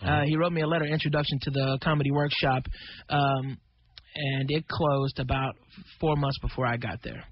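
A man, a stand-up comedian, telling rambling, animated stories as a radio guest. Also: mid-range voice, moderate pace. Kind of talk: anecdotal storytelling. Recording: muffled radio broadcast with faint noise.

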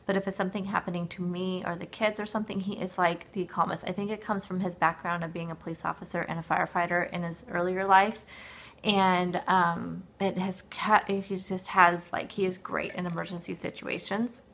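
A woman's voice: lowish voice, level tone, a little fast, gravelly, fairly bright tone, a little hiss or hum. A woman in her forties with a dry throat, talking casually at her home desk in a rambling, filler-heavy way with many restarts. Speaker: weight-loss vlogger. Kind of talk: casual chat to camera.

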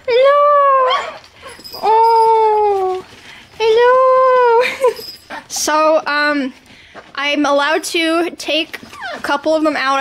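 High-voiced woman chatting playfully at home. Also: slight background noise, low-quality recording. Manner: coos and scolds puppies in a playful, excitable way. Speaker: streamer vlogging her day. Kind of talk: casual vlog chat.

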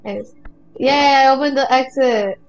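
High-voiced giggly woman gaming. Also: moderate pace, lo-fi sound, soft background music. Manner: teasing, giggly, talkative. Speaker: gamer co-host. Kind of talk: casual gaming chat.

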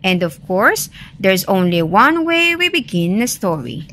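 A woman reading a bedtime story aloud to children, gently prompting them along. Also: medium pitch, very animated, measured pace, a little hiss or hum.

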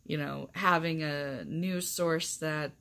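A young woman with a low voice chats casually to her camera. She rambles, fills her sentences with ums and likes, and laughs often as she talks. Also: fairly even intonation, slow pace, gravelly, a bit bright. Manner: chatty, rambling, laughs often, lots of fillers. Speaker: vlogger.

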